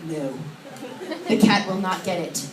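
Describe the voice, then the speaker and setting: On a comedy club stage, a high-voiced woman from Oregon, USA, delivers her stand-up set at a moderate pace amid crowd noise. Chatty and self-mocking, she acts out voices, and the recording comes from a distance in an echoey club.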